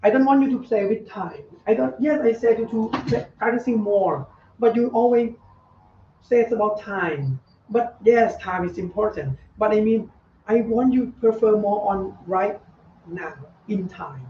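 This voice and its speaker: A man who is a Buddhist monk giving a meditation talk to students, in halting non-native English, repeating key words. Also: sits high, a little hiss or hum. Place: meditation center. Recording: echoey, dull, from far off.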